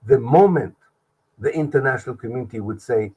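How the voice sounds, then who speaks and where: An older man, a historian giving an earnest interview answer over a video call, halting with many restarts. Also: lowish voice, expressive, slightly rough, rough recording. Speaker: historian guest.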